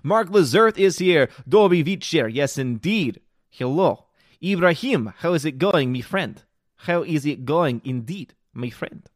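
Male stream host with a cold, chatty and sarcastic, fairly high-pitched, dry booth sound. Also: lively intonation, a little slow, no echo. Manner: sarcastic, upbeat greetings to viewers. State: fighting a cold. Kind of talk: casual live stream chat, reading out chat messages.

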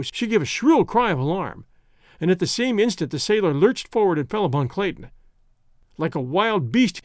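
A man narrating an adventure story in a measured, dramatic reading. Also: sits high, a little mellow, no echo, clean studio sound. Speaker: audiobook narrator. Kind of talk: scripted narration.

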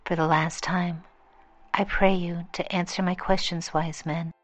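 A woman's voice: lowish voice, flat delivery, a little slow, soft background music. A woman reading the lines of a king who earnestly presses for answers.

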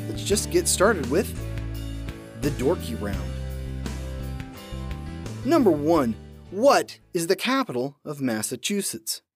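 A man's voice: on the high side, slow, long pauses, soft background music. A man hosting a trivia podcast, reading questions in a playful manner. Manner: animated, playful. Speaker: podcast host, trivia quizmaster.

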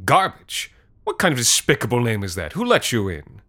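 A man voicing a scornful palace official who shouts and mocks. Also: lowish voice, very animated, brisk, dry recording, studio quality. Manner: shouting, mocking.

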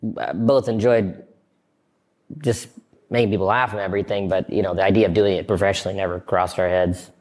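A man's voice: deep voice, a little fast. A man in his thirties, a comedian guest in a casual interview, telling stories with lots of laughter and acting out other people's lines. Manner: animated storyteller, acts out quoted lines, laughs often. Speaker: guest, comedian and show creator.

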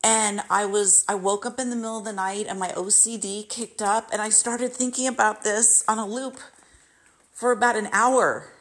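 A woman's voice: mid-range voice, fairly even intonation, normal speed, fairly bright tone. A married woman ranting about someone who keeps prying into her life, frustrated and indignant, acting out her own retorts in bursts. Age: adult, married. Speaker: vlogger venting about a masseuse. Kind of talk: emotional personal rant.

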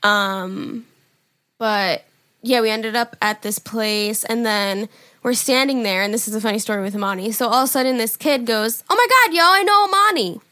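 A woman's voice: normal speed, no room sound. A woman in her twenties co-hosting a podcast, chatting casually and animatedly acting out her own stories. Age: 20s. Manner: animated storyteller, acts out her drunk self in a loud high voice. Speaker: podcast co-host. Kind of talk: casual chat.

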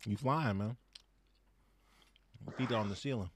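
A man hosting a casual podcast chat, talking in an animated way and laughing often. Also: on the low side, takes it slowly, a little hiss or hum. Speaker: podcast host.

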